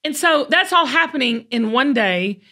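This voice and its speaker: A middle-aged woman with a Southern US accent hosts a casual talk show, her high-sitting voice bright, forceful, and lively in intonation. She tells folksy stories chattily and stretches words out for emphasis.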